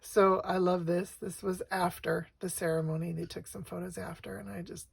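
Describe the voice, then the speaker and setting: A middle-aged woman casually showing her craft work, soft and rambling, with lots of fillers and restarts. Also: fairly low pitch, flat delivery, normal speed, vocal fry, husky. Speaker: craft vlogger.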